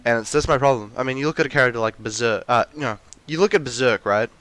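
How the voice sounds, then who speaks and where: A man's voice: medium pitch, fast, fairly bright tone, no echo. A young man in a ranty, rambling monologue, full of restarts and fillers, with mocking acted-out quotes of characters. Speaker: video essayist.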